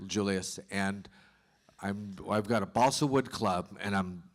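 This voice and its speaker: A man on a convention panel telling a lively story from a film set, acting out what others said. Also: fairly low pitch, unhurried. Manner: animated storytelling, acts out dialogue.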